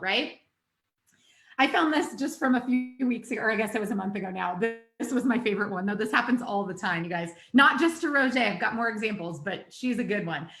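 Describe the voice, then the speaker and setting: A woman's voice: a little high, a bit bright. A young adult woman hosting a live online business training, upbeat and chatty, talking straight to her viewers. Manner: upbeat, chatty, addresses the audience directly. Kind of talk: live webinar coaching. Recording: echoey room.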